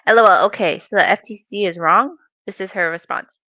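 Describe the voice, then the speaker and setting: A woman reacting to clips with a sassy, mocking, emphatic manner. Her voice is bright and forward, recorded dry with a slightly dull, lo-fi sound. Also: medium pitch, fairly quick, dry recording. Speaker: commentary youtuber. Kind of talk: reaction commentary.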